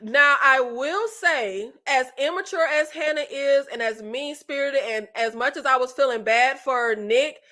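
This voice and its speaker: Casting note: woman host, high bright voice, blunt and exasperated casual commentary. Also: measured pace, hardly any pauses. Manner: animated, exasperated, blunt with swearing. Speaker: channel host reviewing reality TV.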